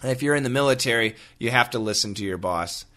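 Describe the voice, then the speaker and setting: A man's voice: mid-range voice, quick pace, sharp tone. A middle-aged man hosting a casual English-teaching podcast, joking around playfully and putting on silly voices to explain words. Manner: playful, jokey, slips into silly put-on voices.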